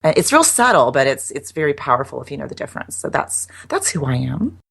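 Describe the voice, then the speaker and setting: A woman's voice: sits low, sing-song, fast talker, gravelly, husky. A middle-aged woman guest chatting in an interview, talking in a loose, self-deprecating way with frequent restarts. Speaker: guest, copywriter. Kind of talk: casual interview chat.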